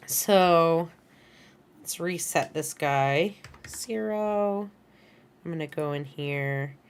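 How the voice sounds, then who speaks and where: A woman with a low voice walks her students through an animation lesson while working at her computer. She talks casually, fills her sentences with "right?" and "kind of", and corrects herself mid-thought. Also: fairly bright tone. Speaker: animation instructor. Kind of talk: recorded class lecture. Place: screen-share lesson at a computer. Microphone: headset or desk mic she adjusts.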